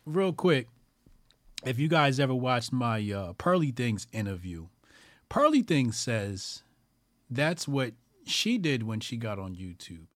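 A man's voice: medium pitch, big pitch swings, slow pace, no room sound, studio quality. A man hosting a call-in commentary show, talking casually and profanely, repeating phrases for emphasis.

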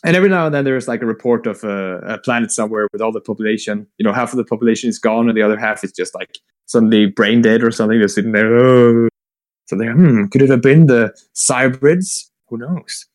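A man casually retelling a long war story, rambling with fillers, swearing and quick acted-out quotes. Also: fairly low pitch, steady tone. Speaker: podcast co-host retelling lore. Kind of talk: casual chat.

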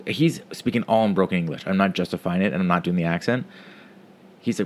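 Low-pitched guy, loose profane delivery, restarts often, faint background hum. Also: quick pace. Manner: casual, profane, rambling with restarts. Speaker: parent telling a story. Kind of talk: casual storytelling monologue.

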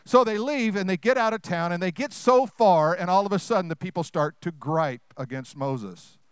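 High voiced preacher guy, smooth clear voice, dry sound, goes loud then real quiet. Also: moderate pace, no room sound. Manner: animated, swinging from loud to hushed, quizzing the congregation. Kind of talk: sermon.

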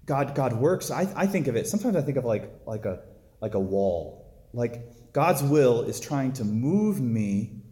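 A man's voice: mid-range voice, very animated, a little slow, warm tone. Man preaching casually in an echoey room. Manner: conversational, storytelling with filler words. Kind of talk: casual sermon.

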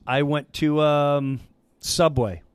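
A middle-aged man who is a guest in a casual chat, telling stories excitedly. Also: on the high side, takes it slowly, clear, resonant tone, dry recording. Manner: animated, excitable storyteller.

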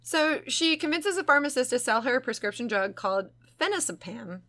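A woman with a bright, high-set voice tells a crime story on a podcast. Her pitch swings widely as she laughs, swears and acts out the people in the case. She sounds loose and chatty. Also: brisk. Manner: laughing, profane, animated storytelling. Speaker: podcast co-host. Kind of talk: casual true-crime podcast chat.

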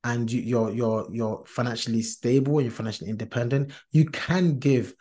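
A man's voice: medium pitch, steady tone, normal speed, mellow. A man hosting a casual podcast chat, earnest and talkative, with many fillers and restarts, laughing easily. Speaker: podcast host.

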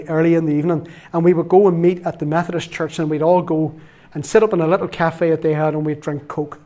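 A man's voice: on the high side, darkish tone. A middle-aged man from Northern Ireland with a Northern Irish accent, preaching a sermon through chatty, repetitive anecdotes and closing in prayer. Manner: chatty, laughing anecdotes, repeats himself. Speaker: lay preacher. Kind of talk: storytelling sermon.

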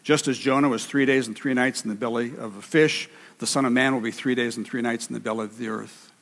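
A preacher voicing a firm, blunt male teacher, lower voice. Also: fairly even intonation, fast, a bit bright. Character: firm adult male teacher refusing a demand. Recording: reverberant hall.

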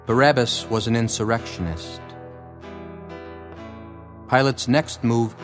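A man's voice: medium pitch, a little slow, long pauses. Man reading scripture over guitar. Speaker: scripture narrator. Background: faint guitar music.

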